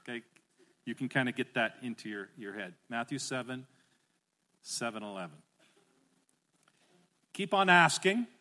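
A middle-aged man preaching a sermon as pastor, animated and rising to emphatic calls, asking the congregation to repeat phrases back. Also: medium pitch, normal speed, long pauses.

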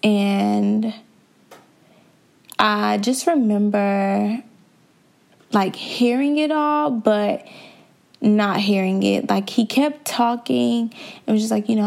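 A woman's voice: mid-range voice, takes it slowly, gravelly, darkish tone. A young woman hosting a podcast, candidly telling a personal story in a conversational way and talking straight to her listeners. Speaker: podcast host.

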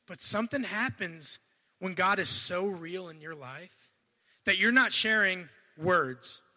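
Bright high-voiced preacher in echoing hall. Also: male voice, slow pace. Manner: animated, swings between loud bursts and quiet asides; admits to stuttering and restarting. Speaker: guest preacher. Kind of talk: sermon.

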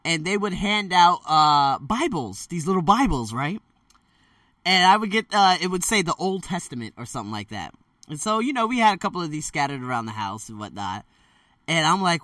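Bright, rambling man telling stories. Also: a little high, a little fast, no echo, recorded from a distance. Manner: rambling, loose and candid, full of fillers and self-corrections; animated, jumps into quoted voices. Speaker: storyteller vlogger. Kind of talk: casual spoken storytelling. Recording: dry sound, set back from the mic.

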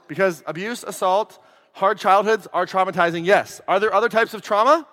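A man giving a lively seminar talk as a life coach, putting questions to the audience. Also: sits high, brisk. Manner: energetic, asks the crowd questions. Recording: echoey hall.

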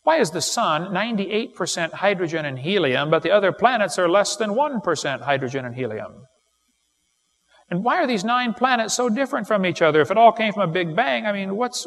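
A middle-aged man giving a live seminar lecture, telling folksy stories and firing off quick jokes to a live audience. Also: high-pitched, vocal fry, fairly bright tone. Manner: folksy, wisecracking, quick storytelling with punchlines. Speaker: creation seminar speaker. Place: large hall with live audience. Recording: live recording in a reverberant hall.

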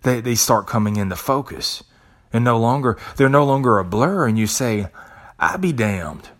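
A man's voice: mid-range voice, animated, normal speed, a bit bright. A man hosting a podcast, giving a profane, preachy motivational monologue. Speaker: podcast host.

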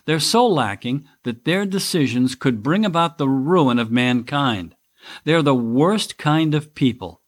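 A man's voice: mid-range voice, expressive, measured pace. A man hosting a podcast, delivering a scripted political monologue in a wry, sarcastic manner. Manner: wry, sarcastic, mock voices for critics. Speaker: podcast host.

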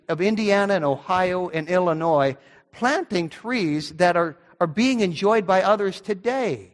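A middle-aged male pastor preaching a sermon earnestly, often restarting his words. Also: sits high. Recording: long hall reverb.

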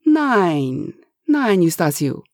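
A woman voicing a calm, weary billionaire man in his seventies, speaking in a measured, deliberate way in a storybook reading. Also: fairly low pitch, no room sound, clean studio sound, exaggerated voice.

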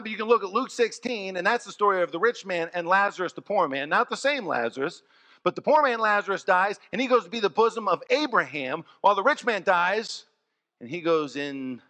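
A pastor preaching a sermon, telling stories in an animated way and swinging from soft, low passages to loud ones. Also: male voice. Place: church. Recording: long church reverb.

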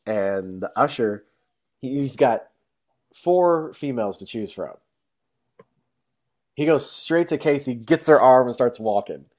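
A young man telling a long story in a casual, rambling way, full of fillers, now and then acting out quotes in a high, exaggerated voice. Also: lively intonation, measured pace, long pauses, a little mellow.

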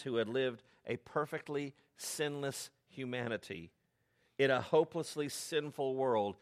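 A middle-aged man from the United States preaching a sermon, telling stories in a conversational way with animated asides. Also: mid-range voice. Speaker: pastor.

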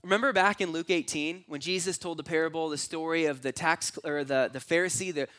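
A man preaching a sermon, telling a long story in second person and moving between hushed, low moments and loud, exclaiming ones. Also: steady tone, brisk. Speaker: pastor.

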